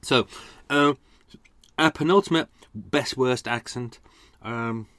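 A man's voice: medium pitch, takes it slowly, fairly bright tone, no echo. A man hosting a podcast, chatting casually with lots of fillers and self-deprecating asides. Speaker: podcast host. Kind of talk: casual chat.

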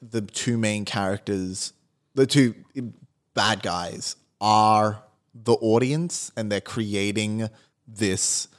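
A man in casual film chat, relaxed and agreeable, swearing at times. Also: on the low side, takes it slowly.

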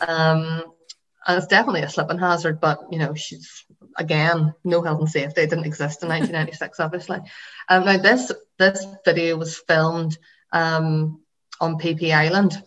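Woman podcast host, deep voice, casual rambling chat, muffled audio. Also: level tone, normal speed, fairly bright tone. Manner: chatty, lots of fillers and swearing.

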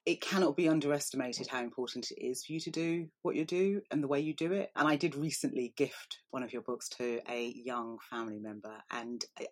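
An interviewer asking earnest, appreciative questions in a conversational way. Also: mid-range voice.

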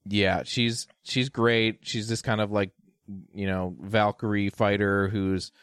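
A man casually reviewing a film with a friend, animated, laughing often and swearing. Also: on the low side, slow pace, clean tone, no room sound, clean studio sound. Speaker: podcast co-host. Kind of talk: casual movie review chat.

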